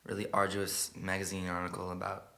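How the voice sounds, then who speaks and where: A man telling a story in a soft, hushed and halting way, pausing and restarting often. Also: low-pitched, monotone, gravelly. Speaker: singer-songwriter. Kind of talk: spoken storytelling intro to a song. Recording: loud guitar playing behind the voice.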